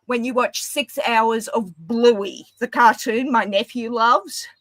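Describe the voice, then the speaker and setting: A woman's voice: a little high, fairly even intonation, slow pace, fairly bright tone, no room sound, rough recording. A woman with an Australian accent, chatting casually and rambling with frequent laughs. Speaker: panel guest. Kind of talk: casual chat.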